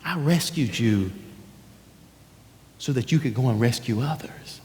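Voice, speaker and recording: A preacher voicing God, low and grave. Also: male voice, unhurried, darkish tone, in a large hall, a little hiss or hum, close to an everyday voice. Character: God, solemn and searching.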